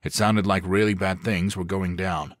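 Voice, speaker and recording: A man voicing a firm, calm SWAT leader. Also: low-pitched, moderate pace, no room sound, clean studio sound, lightly acted. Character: steady male SWAT team leader, serious.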